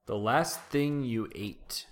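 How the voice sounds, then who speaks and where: Male host, unhurried, dry delivery, mid-range voice. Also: medium pitch. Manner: slow, dry prompts and short replies. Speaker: podcast host. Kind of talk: casual podcast chat.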